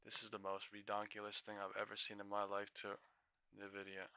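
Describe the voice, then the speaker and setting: A man's voice: on the low side, monotone, fairly quick, pushed and bright, smooth, no room sound. A tired young man live-streaming stock trades, talking to himself in incredulous, swearing bursts. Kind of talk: live trading stream commentary.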